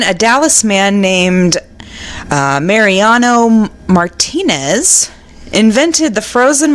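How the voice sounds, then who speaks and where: A woman co-hosts a casual podcast and reads trivia aloud in a lively, up-and-down voice. She talks slowly and laughs easily, with faint hiss under the recording. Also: a little high. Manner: giggly, exclaims "oh my gosh" often. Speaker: podcast co-host. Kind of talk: casual chat, reading trivia facts.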